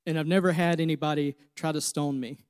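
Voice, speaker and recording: A man's voice: fairly high pitch, fairly even intonation, a little fast, darkish tone, no room sound, clean studio sound. A man in his thirties preaching a sermon, earnest and personal, repeating phrases as he tells his own story. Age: 30s. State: emotional, near tears. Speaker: pastor.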